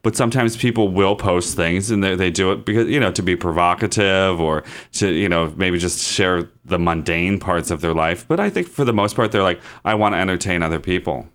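A man's voice: sits low, moderate pace, hardly any pauses, fairly bright tone. A man co-hosting a casual talk show, explaining his points patiently. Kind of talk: casual banter.

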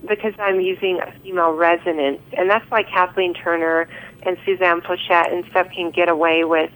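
A woman guest in a casual interview, who pauses and repeats words while she thinks, heard over a thin phone line. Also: fairly low pitch, fairly even intonation, fairly bright tone.

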